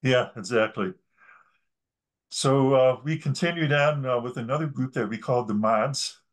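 A man's voice: mid-range voice, moderate pace. A man, a drummer guest, chatting casually with easygoing brief replies. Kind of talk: casual chat.

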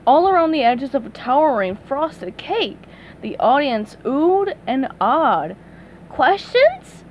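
A woman reading a children's storybook aloud with an expressive storytelling manner. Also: high voice, a little slow, lo-fi sound, a little hiss or hum. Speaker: storybook reader.

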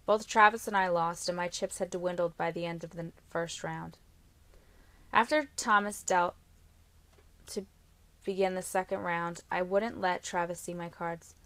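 Female audiobook narrator, first-person novel reading, steady and even, lower voice, dry close sound. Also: a little slow, no room sound.

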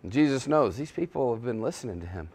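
A man preaching a sermon as pastor, swinging between hushed and loud, emphatic passages, often restarting his words. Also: medium pitch, expressive, fast talker. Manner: frequent self-restarts and repetitions.

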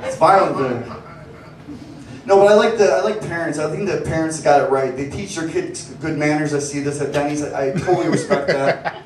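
A man doing a stand-up comedy set, telling stories in a deadpan, sardonic way from a club stage. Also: on the high side, brisk. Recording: echoey club, distant mic, noisy.

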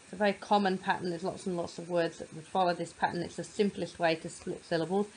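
A woman tutor explaining how to divide words into syllables, sounding words out slowly and patiently. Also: on the low side, steady tone, a little mellow, breathy edge, rough recording. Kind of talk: phonics lesson explanation.

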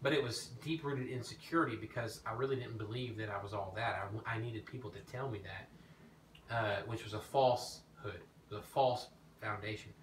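A man preaching an informal teaching sermon, telling his own story in an animated way that rises when he gets emphatic. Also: on the low side, moderate pace. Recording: echoey room, mic at a distance, faint background noise.

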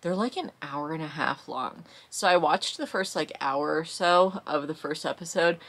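Tired young woman chatting to her vlog cam, low gravelly voice, swears a lot. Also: moderate pace, fairly bright tone. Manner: gushing, chatty, swears casually. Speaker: vlogger. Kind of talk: casual chat to camera.

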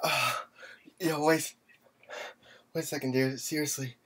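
A woman's voice: deep voice, steady tone, a little slow, fairly bright tone, breathy edge. A woman recording a friend off camera, laughing helplessly and begging him to stop. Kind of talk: off-camera casual reactions.

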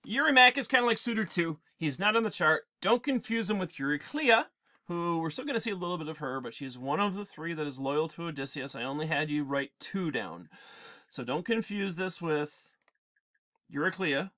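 Animated, bright-voiced male teacher. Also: fairly high pitch, normal speed. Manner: animated, digressive, frequent restarts. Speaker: English teacher. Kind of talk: classroom literature lecture.

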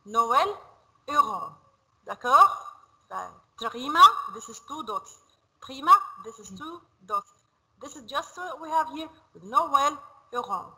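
A woman leads a classroom lesson, her high voice bright and sharp. She drills each word again and again, slow and patient. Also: animated, rough recording. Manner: repeats words slowly, drilling pronunciation. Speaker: French teacher. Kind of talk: classroom teaching. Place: school classroom.

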